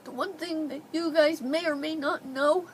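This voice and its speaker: A young woman talks into her camera at home, her high voice thick with tears and sniffles. She pleads with her viewers between breaths. A faint hum of the room sits underneath. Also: fairly even intonation, moderate pace, poor audio. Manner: tearful, pleading. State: crying, sniffling. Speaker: vlogger. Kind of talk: emotional personal vlog. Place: indoors at home.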